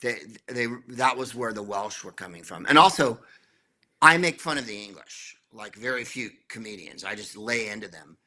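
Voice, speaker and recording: A middle-aged man, a comedian guest in an interview, telling anecdotes in a wry, dry way with quick asides. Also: lowish voice, lively intonation, pushed and bright. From United States.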